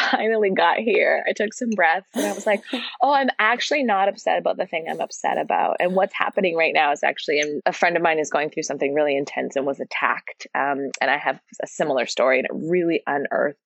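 Guest: earnest woman breathwork teacher, lower voice, dry close sound, open and expressive. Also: no echo. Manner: earnest, open and expressive, speeds up and slows down for emphasis. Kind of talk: casual interview conversation.

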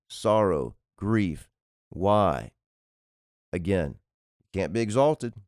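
A man's voice: deep voice, a little mellow, smooth, dry recording, studio quality. A man preaching on a podcast in an emphatic, repetitive cadence, reading and expounding scripture. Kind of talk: sermon-style podcast teaching.

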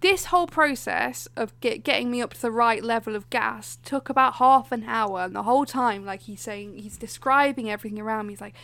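A woman's voice: a little high, a little fast, gravelly, hardly any pauses, fairly bright tone. A young woman telling a story in casual chat, acting out other people's lines with lots of laughter.

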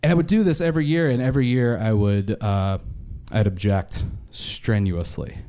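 A young man from Arkansas, a stand-up comedian telling wry, self-deprecating stories with animated impressions. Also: on the low side, normal speed. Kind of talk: stand-up storytelling.

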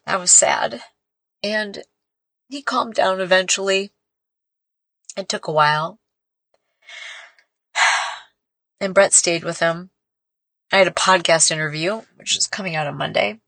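A woman's voice: fairly low pitch, measured pace, pauses often, bright, forceful tone, no room sound. A woman hosting a podcast and telling a personal story in a casual, heartfelt, rambling way, with lots of "like". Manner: heartfelt, rambling, heavy use of "like". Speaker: podcast host.

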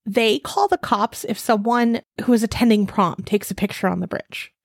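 A woman co-hosting a podcast in casual chat, wry and quick to laugh. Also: on the high side, dry recording, studio quality. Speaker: podcast co-host. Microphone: desk mic.

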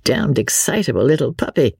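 A woman's voice: rumbling low, very animated, brisk, creaky, dark tone, breathy edge, dry recording, clean studio sound, voice pushed up, full character voice. Woman reading as a drawling jovial fop lord. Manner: drawling, affected oaths, good-humoured. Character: lazy foppish English nobleman, drawling and jovial. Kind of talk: audiobook character reading.

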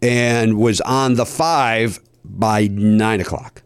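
A man telling a long story in casual podcast chat, animated and a bit profane, with high mock voices for people he quotes. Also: slow, clear, resonant tone, no echo, studio quality. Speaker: podcast host.

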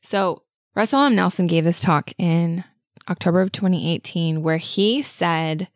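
A woman's voice: on the low side, measured pace, no room sound, studio quality. A woman co-hosting a podcast, telling a personal story in an earnest, enthusiastic way with lots of casual fillers. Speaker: podcast co-host.

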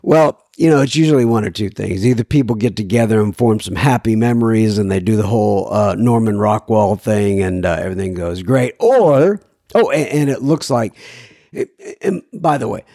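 A man hosting a recovery podcast with a hoarse, sick voice, talking in a rambling, folksy, self-deprecating way. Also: fairly low pitch, normal speed, warm tone, no room sound, clean studio sound. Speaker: podcast host. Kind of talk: casual recovery podcast talk.

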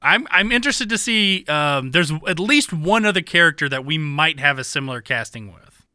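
A man's voice: fairly high pitch, clear, resonant tone, no echo, clean studio sound. A man co-hosting a podcast, chatting casually about movie casting with frequent restarts. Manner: relaxed, halting, lots of restarts. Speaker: podcast co-host. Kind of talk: casual movie-recasting chat.

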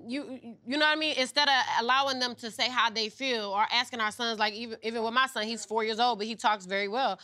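Bright, animated woman on a talk panel. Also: on the high side, fast, hardly any pauses. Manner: animated, acts out quoted voices. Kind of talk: casual panel chat.

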